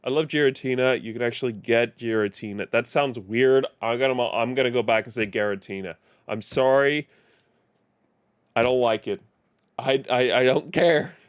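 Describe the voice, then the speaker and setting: A man's voice: medium pitch, fairly even intonation, normal speed, clear, resonant tone, no room sound, clean studio sound. A man streaming live, chatting casually and rambling, often correcting himself and chuckling. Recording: faint music behind.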